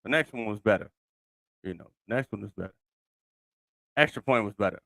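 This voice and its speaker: A man's voice: on the low side, animated, fairly quick, vocal fry, pushed and bright, no echo. A man hosting his own sports podcast, talking loosely and thinking aloud with many fillers and restarts. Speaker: podcast host. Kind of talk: casual solo sports commentary.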